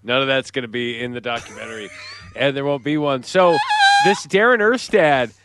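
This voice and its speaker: A man co-hosting a sports radio show, asking quick questions and making wry jokes in casual banter. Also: medium pitch, very noisy.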